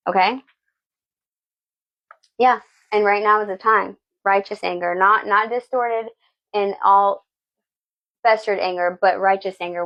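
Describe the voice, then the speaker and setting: A woman's voice: medium pitch, vocal fry, a bit bright. A woman giving a tarot reading, blunt and preachy, swearing freely and asking "okay?" again and again. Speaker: tarot reader. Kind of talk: live tarot reading talk.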